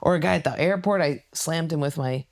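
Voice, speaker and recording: A woman's voice: low voice, brisk. A young woman comedian telling stories in a casual podcast chat, swearing freely and acting out other people's voices. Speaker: comedian guest.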